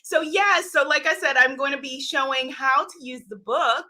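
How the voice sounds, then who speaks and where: A woman's voice: high-pitched, moderate pace, bright, forceful tone. A woman hosting a casual live stream, effusive and laughing often as she greets viewers by name. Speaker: live-stream host and oracle card author.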